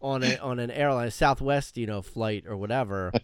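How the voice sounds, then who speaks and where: A man co-hosting a podcast, chatting casually in a measured, reassuring manner with dry humor. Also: mid-range voice, clean tone, no room sound. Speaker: podcast co-host. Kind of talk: casual chat.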